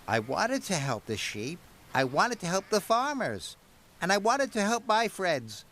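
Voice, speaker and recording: A small, timid male steam engine from a storybook, as a narrator puts him on. He speaks softly and hesitantly, his voice lifted a little above a grown man's. His delivery is slow and unhurried. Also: high-pitched, sing-song, pitched above the performer's own voice, exaggerated voice.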